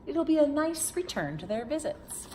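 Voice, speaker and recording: A woman voicing a polite, friendly male lion from a picture book, with a gentle, wondering manner. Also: sits high, big pitch swings, normal speed, slight background noise, pitched above the performer's own voice. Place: at home.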